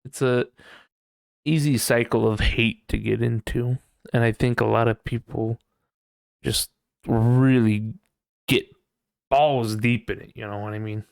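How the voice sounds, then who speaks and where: Gravelly-voiced man rambling on a podcast. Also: medium pitch, steady tone, measured pace, pauses often, no room sound, studio quality. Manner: rambling, peppered with "you know", laughs often. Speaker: podcast host. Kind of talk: casual solo podcast chat.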